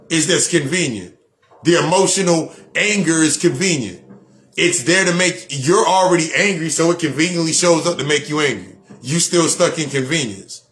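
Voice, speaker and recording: Blunt, preachy man speaking fairly high. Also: moderate pace, a bit bright. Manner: preachy, repetitive, blunt with profanity. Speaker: spiritual speaker. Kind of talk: motivational monologue.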